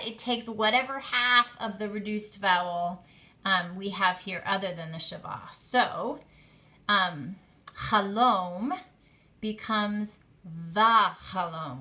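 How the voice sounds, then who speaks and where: A woman's voice: mid-range voice, bright, forceful tone. A woman teaching a class on Hebrew grammar, explaining step by step in a patient way with some fillers.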